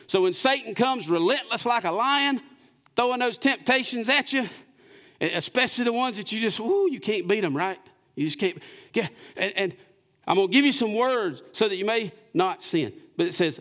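A pastor delivering a sermon in church. His voice sits a bit high for a man and swings from loud declarations to hushed, close passages. He keeps the room engaged by asking rhetorical questions. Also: lively intonation, moderate pace.

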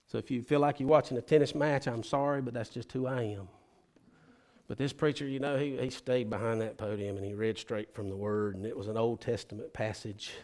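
A man, a pastor telling a story in a sermon and acting out its people with sudden loud, high bursts. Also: fairly even intonation, a little fast.

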